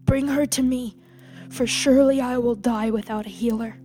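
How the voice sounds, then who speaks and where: A woman voicing a wounded, panicked and cruel male lord king who rasps his words in urgent, distrustful pleas, with music playing behind. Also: mid-range voice, fairly even intonation, normal speed, mellow, natural voice. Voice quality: rasping, hoarse.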